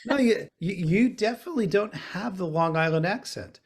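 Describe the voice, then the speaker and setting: Guy on a video call from his bedroom, kinda high voice, rambly and laid back, lots of ums. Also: lively intonation, moderate pace, breathy edge. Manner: rambling, easygoing, many fillers and restarts. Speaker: guest guitarist. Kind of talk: casual chat over a video call. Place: small bedroom.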